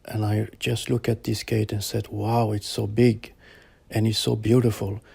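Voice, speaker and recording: Slow, gravelly man recounting a vision. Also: fairly low pitch, level tone, dark tone, no echo. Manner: slow, halting, searching for words. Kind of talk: personal account told to interviewer.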